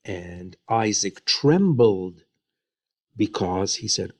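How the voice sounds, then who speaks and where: A man retells a Bible story as a lesson, voicing the characters' lines as he goes. His pitch swings widely while his pace stays slow and deliberate. He often pauses on fillers between phrases. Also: vocal fry. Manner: lively storytelling with acted-out quotes and fillers. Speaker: Bible teacher.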